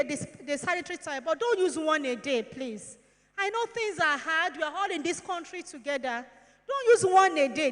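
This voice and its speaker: A Nigerian woman in her forties talks frankly to schoolgirls, with a very high, bright and ringing voice. She is motherly and emphatic, and she asks questions and then answers them herself. Her voice carries a long reverb from a large hall. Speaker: health educator. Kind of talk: talk to schoolgirls on puberty and hygiene.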